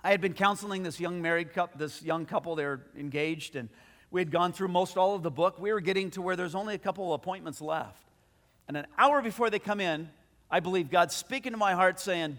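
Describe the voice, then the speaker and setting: Animated man preaching in a reverberant hall. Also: high-pitched, brisk. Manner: storytelling, animated, with frequent restarts. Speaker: pastor. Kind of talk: sermon.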